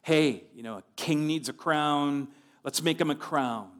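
Brief: mocking soldiers, voiced by a man, loose and jeering, unhurried. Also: fairly high pitch, lightly acted.

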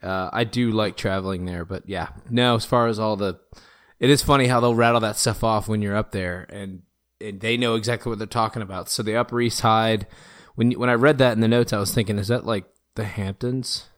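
A man co-hosting a podcast in casual chat, easygoing and quick to laugh. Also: lowish voice, steady tone, a bit bright. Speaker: podcast co-host.

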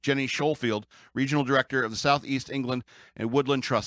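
A man's voice: medium pitch, steady tone, fairly quick, fairly bright tone, dry recording. A man with an American accent, chatting casually about the news as a podcast host, rambling and joking, often laughing and restarting his sentences.

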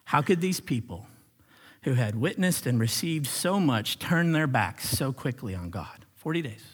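A man preaching a sermon as pastor, animated, swinging from loud exclamations to hushed whispers. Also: mid-range voice, unhurried, husky. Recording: long reverb of a large hall.

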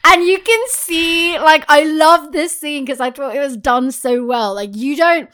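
A woman talks about a show, expressive and quick to act out what the characters said. Her voice sits a little high. She keeps the chat casual throughout. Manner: expressive, acts out quotes. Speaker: show reviewer.

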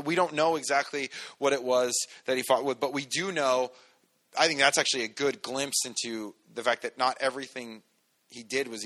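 A man's voice: medium pitch, pushed and bright. A man preaching a sermon as pastor, teaching through a scripture passage in a casual way with joking asides and frequent restarts. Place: church sanctuary.

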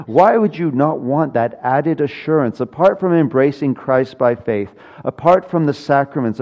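An older man delivers a sermon from the pulpit, mixing earnest teaching with dry, gentle humor. He leans on repetition to drive his points home. The recording is a little dull and lo-fi. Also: mid-range voice. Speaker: pastor.

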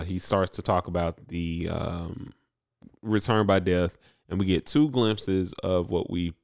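Low-voiced guy rambling thru an anime recap, lots of likes and ums, dry close mic. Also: darkish tone, smooth, no echo. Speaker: podcast co-host. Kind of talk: casual anime recap chat.

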